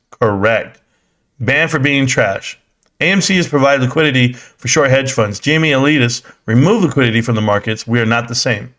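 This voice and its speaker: A man's voice: mid-range voice, fairly bright tone. A young man hosting a casual live stream, joking loosely in slang and reading chat comments aloud.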